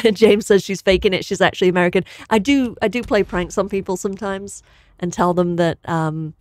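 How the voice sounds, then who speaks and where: A woman's voice: mid-range voice, fairly even intonation, fairly quick, a little mellow, no room sound. A woman with a British accent, chatting casually as co-host on a gaming livestream and reading out chat messages, laughing often.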